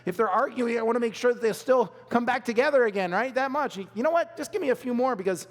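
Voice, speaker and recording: A man voicing God as a playful, chatty male creator tinkering with his work, talking in quick asides. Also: very high-pitched, animated. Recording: long hall reverb.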